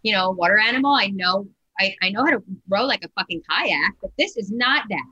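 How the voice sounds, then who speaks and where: A woman's voice: medium pitch, expressive, a little fast, sharp tone, slightly rough, muffled recording. A woman guest speaks candidly and casually, swearing now and then and laughing at herself. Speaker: competitor guest. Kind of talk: casual chat.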